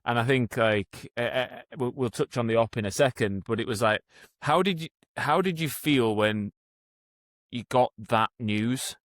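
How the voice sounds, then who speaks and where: A man's voice: medium pitch, measured pace, no room sound. Hesitant male podcast host, dry sound. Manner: hesitant, restarts and repeats words. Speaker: rehab coach and podcast host. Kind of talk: interview questions.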